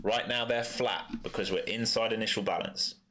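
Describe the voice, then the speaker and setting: Bright-voiced London man trading live. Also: lowish voice, fairly even intonation. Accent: London English. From East London, England. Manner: casual, blunt, quick chat asides. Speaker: day trader streaming live. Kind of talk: live trading commentary with chat replies.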